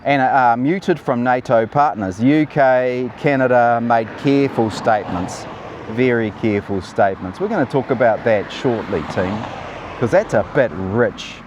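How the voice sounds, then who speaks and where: A man's voice: medium pitch, lively intonation, a little slow, lo-fi sound, noisy background. Sardonic man talking politics. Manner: sardonic, chatty, addresses viewers as "team". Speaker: political commentary host. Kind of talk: casual political commentary.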